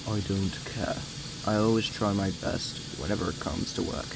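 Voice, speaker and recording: A young man voicing a dutiful, stubborn male tram engine in a low, quiet, gruff voice. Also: fairly even intonation, moderate pace, background noise.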